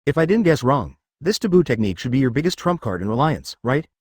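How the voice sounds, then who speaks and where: Man voicing a confident young martial artist, sly and brisk, animated delivery. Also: medium pitch, no echo, clean studio sound.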